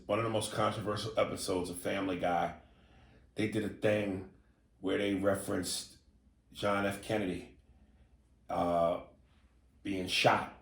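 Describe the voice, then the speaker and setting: A man co-hosting a podcast in casual chat, a few drinks in, animated and swinging between low mumbles and excited outbursts. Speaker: podcast co-host. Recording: roomy echo.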